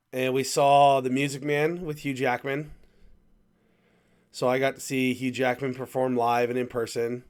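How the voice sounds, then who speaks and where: A man hosting a podcast, telling a travel story in a rambling, animated way with plenty of restarts. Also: medium pitch. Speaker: podcast host. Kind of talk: casual chat, storytelling.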